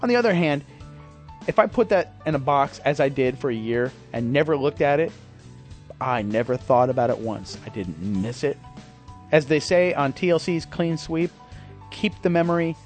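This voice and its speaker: A man's voice: mid-range voice, expressive, normal speed, soft background music. A man hosting his podcast in a rambling, self-deprecating casual monologue, swearing freely. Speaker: podcast host.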